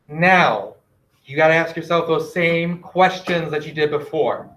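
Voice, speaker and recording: A male teacher giving a classroom math lesson, gently directing students and quizzing them with questions. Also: on the high side, unhurried. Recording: echoey classroom.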